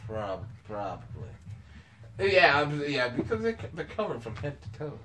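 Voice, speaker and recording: A man's voice: a little high, unhurried. A man chatting casually with friends, acting out silly characters and laughing often. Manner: animated storyteller, acts out shouting characters and laughs a lot. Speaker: podcast co-host. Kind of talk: casual chat among friends.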